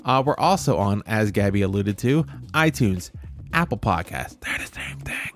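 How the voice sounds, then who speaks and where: A man's voice: fairly low pitch, animated, normal speed, slight background noise. A man co-hosting a podcast, rambling wryly through sports betting picks and show plugs while losing his voice. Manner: rambling, wry, self-mocking. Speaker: podcast co-host. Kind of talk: casual sports betting chat.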